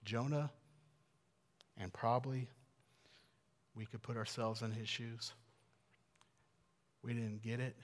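Earnest preacher man in a reverberant hall. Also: mid-range voice. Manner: earnest, swings from hushed to emphatic. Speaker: pastor. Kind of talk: sermon.

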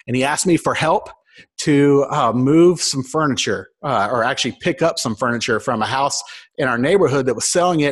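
A man in his thirties giving a sermon, telling a personal story with humor and acting out the voices of people in it. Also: medium pitch. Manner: storytelling, acts out quoted voices, self-mocking. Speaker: pastor.

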